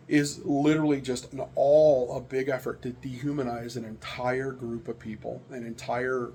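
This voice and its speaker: A middle-aged American man talks in a loose, rambling way, full of fillers and restarts. His voice has a gravelly texture, with a faint hiss of noise behind it. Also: mid-range voice, darkish tone. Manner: rambling, candid storytelling with frequent fillers. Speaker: vlogger sharing opinions. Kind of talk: casual monologue.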